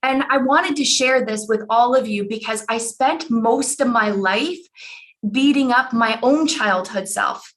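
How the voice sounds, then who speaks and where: A woman's voice: a little high, measured pace, fairly bright tone. A woman in her forties, a life coach telling a personal story in an earnest way and repeating phrases for emphasis, over a computer mic on an online call.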